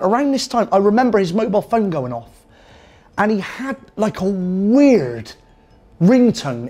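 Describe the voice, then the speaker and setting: Brief: male comedian with a high voice, animated storyteller, faint music underneath. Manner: animated, self-amused storytelling. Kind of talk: comic anecdote.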